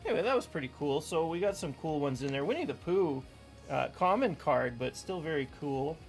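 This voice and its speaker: A man's voice: fairly high pitch, animated, fairly quick, soft background music. Chatty man opening card packs. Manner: chatty, playful, talks to viewers. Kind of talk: casual chat while opening packs. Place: room at home with fans running.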